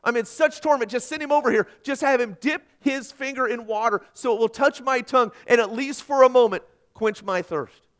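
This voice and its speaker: A man's voice: very high voice, a little fast, hardly any pauses, fairly bright tone, pitched above the performer's own voice. A man voicing a tormented rich man in hell, desperately begging and repeating his pleas. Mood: pleading.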